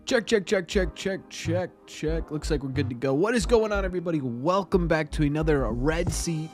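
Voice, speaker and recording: A man's voice: a little high, animated, normal speed, soft background music. A young man hosting a casual live stream, chatting and greeting viewers by name.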